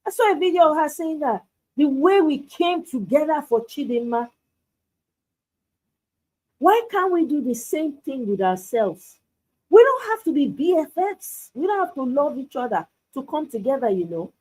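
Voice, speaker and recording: A woman with a Nigerian accent hosting a live stream, talking in an animated, rhetorical way and asking "why" again and again. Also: high-pitched, normal speed, low-quality recording. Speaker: host.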